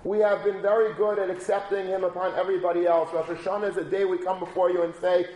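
Telling a story in a casual Torah talk, this rabbi uses plenty of Hebrew and Yiddish words. His voice is high yet darkish in tone, level in pitch, and he speaks fast with hardly any pauses. The recording has an echoey room and faint ambience.

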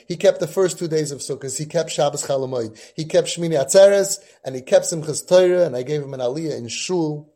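Male podcast host, warm and husky, storytelling talk peppered with Yiddish and Hebrew. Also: on the high side. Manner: tells a long personal story with Yiddish and Hebrew terms. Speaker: podcast host and parenting guide.

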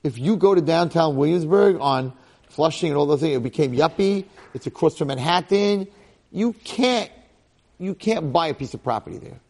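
A man, a rabbi giving a casual Torah talk full of personal stories. He gets excited, jumping high and loud to make a point, then dropping low and quiet. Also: normal speed.

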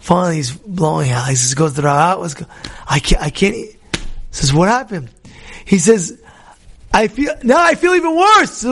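A man on the high side of the pitch range teaches Torah at a moderate pace, his voice edged with breathiness. He narrates animatedly, acting out dialogue with frequent restarts and swinging from loud to soft.

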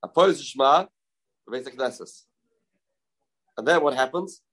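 A man gives a Talmud class at a middle pitch. His voice swings up and down as he chants verses in a sing-song, then drops back to explaining. He keeps firing questions at his listeners and answering them himself. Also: measured pace, fairly bright tone. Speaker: Talmud teacher. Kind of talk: Talmud lecture.

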